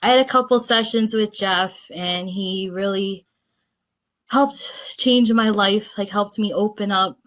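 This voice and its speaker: A woman hosts a casual conversation over a video call. She tells her story in a chatty, enthusiastic way and laughs easily between thoughts. Her voice sits at a middle pitch. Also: a little slow, a bit bright. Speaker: host. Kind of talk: casual chat.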